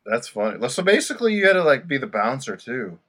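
Male co-host, reactive, laughs along, very lively pitch. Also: fairly quick. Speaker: podcast co-host. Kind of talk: casual chat.

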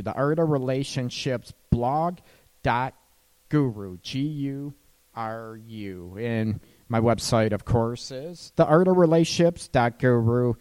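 Chatty radio host with a loose, laughing delivery. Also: male voice, medium pitch, a little mellow, clear, resonant tone, in a large hall. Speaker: radio show host and counselor. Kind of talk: casual radio talk.

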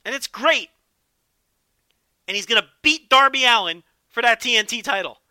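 Speaking fairly quickly in a very high-pitched, sharp voice, a male wrestling commentator runs through a casual recap full of profanity, excitement, and joking riffs. The tone is clean, with no echo.

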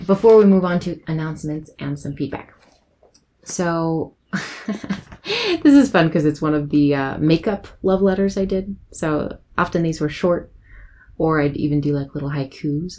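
Soft, gravelly low-voiced woman podcaster. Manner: rambling, giggly, soft-spoken. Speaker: podcast host. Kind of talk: casual solo podcast reflection.

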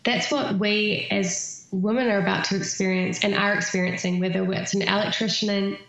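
A woman's voice: medium pitch, steady tone, normal speed, gravelly, a bit bright, heavy reverb, poor audio. A woman speaking as an interview guest, earnest and thoughtful, with many fillers. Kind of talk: reflective conversational interview.

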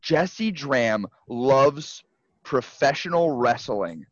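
Brief: male podcast co-host, mid pitch, excitable and profane, rambly, dry slightly dull mic. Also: drawn-out words, dry recording. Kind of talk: casual chat.

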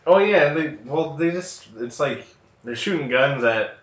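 A man's voice: on the high side, expressive, measured pace. Rambling nasal man in a roomy room. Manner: rambling, laughs often, many fillers. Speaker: podcast co-host. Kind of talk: casual movie podcast banter. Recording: roomy, distant, dull home recording.

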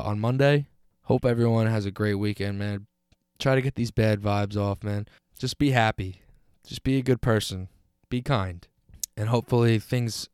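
Young american dude ranting on his podcast, kinda low voice, lots of swearing and false starts, dead dry mic. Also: a little mellow, clean tone, dry recording. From United States. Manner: frustrated, rambling, swears, many restarts. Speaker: podcast host. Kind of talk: solo rant.

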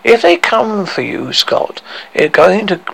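A man's voice: high voice, wildly swooping pitch, slow, creaky, noisy background, pitched above the performer's own voice, heavily acted. A man voicing a worried father who earnestly warns his children in a horror story.

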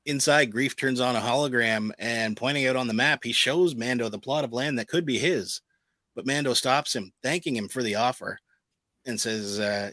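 A man co-hosting a podcast, reading a plot recap in a steady narrating tone with quick casual asides. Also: medium pitch, no room sound, low-quality recording. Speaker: podcast co-host recapping an episode.

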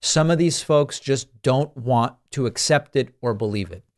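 A man's voice: medium pitch, a little slow. A man hosting a political talk show, giving emphatic, exasperated commentary and searching aloud for the right words.

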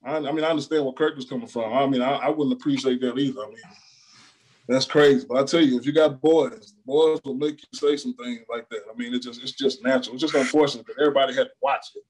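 A man from Illinois, an R&B singer, chatting casually as an interview guest over a video call, relaxed with lots of fillers and laughter. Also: mid-range voice, fast, husky. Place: room in a cousin's house.

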